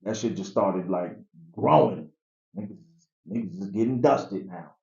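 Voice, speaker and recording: A man telling his life story in a casual interview, animated and acting out the people in it. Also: on the low side, a little slow, creaky. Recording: echoey, dull room recording.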